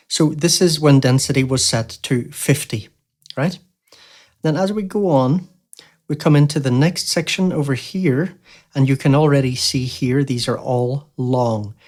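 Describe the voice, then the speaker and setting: A man hosting a music software tutorial, explaining casually with lots of fillers like "you know" and "um". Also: mid-range voice. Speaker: tutorial host. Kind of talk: screen-recorded software tutorial.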